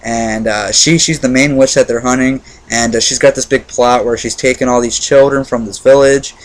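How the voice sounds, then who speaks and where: A man's voice: mid-range voice, fairly even intonation, moderate pace, rough recording. A man giving a casual spoken movie review, enthusiastic, rambling with many fillers and restarts.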